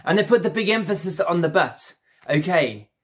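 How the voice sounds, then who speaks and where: A man preaches a sermon as pastor in a high, fairly bright voice with lively intonation at a moderate pace. He is earnest and repeats phrases for emphasis.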